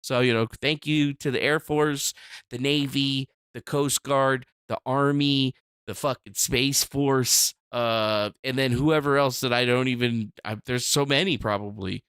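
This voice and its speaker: Man, casual live stream host, rambling and profane, bright forceful voice, smooth clear tone. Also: medium pitch, steady tone, measured pace, no room sound, clean studio sound. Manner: rambling, profane, swings between loud outbursts and mumbling. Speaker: livestream host.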